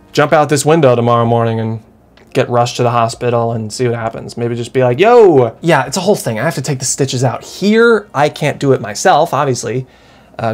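Rambling young man vlogging to camera. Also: mid-range voice. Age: young adult. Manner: rambling and self-mocking, with frequent laughs and restarts. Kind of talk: casual chat to camera.

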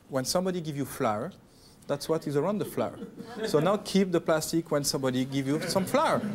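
Man, French accent, pastry chef demo, joking instructions, slightly high voice, faint background noise. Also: darkish tone. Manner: chatty, joking, step-by-step instructions. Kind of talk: cooking demonstration. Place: TV kitchen studio.

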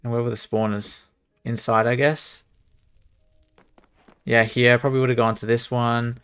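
A man's voice: mid-range voice, level tone, normal speed, fairly bright tone, clear, resonant tone, soft background music. A young man streaming, talking to himself as he plays a speedrun, muttering and exclaiming at the game. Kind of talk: live commentary while speedrunning a game.

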